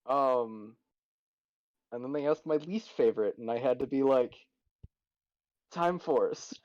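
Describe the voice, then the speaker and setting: Deadpan male player, dull lo-fi sound. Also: medium pitch, moderate pace, no room sound. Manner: deadpan, rambling explanations. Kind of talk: casual tabletop game chat.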